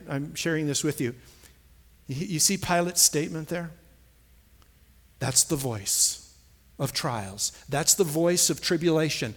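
A man preaching a sermon, stressing key phrases and repeating lines for emphasis. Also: on the high side. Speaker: pastor.

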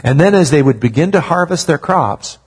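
Man pastor, husky and a touch high, conversational sermon full of rhetorical questions. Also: animated, brisk.

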